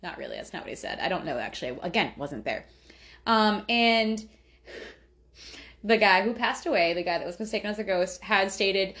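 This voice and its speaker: Lady podcast host just chatting, cusses a lot, keeps laughing and fixing her words mid sentence, middle-pitched voice. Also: expressive, normal speed, a bit bright. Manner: swears freely, laughs often, trails off and corrects herself. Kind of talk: casual chat.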